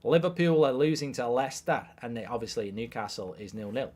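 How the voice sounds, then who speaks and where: A man's voice: medium pitch, lively intonation, fairly quick, a little mellow. A man hosting a live football watchalong, chatting crudely and jokingly, reading out viewer messages and scores.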